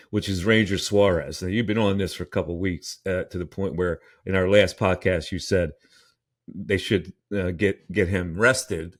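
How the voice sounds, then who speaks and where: A man hosting a sports talk podcast, rambling and opinionated, with frequent restarts. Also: deep voice.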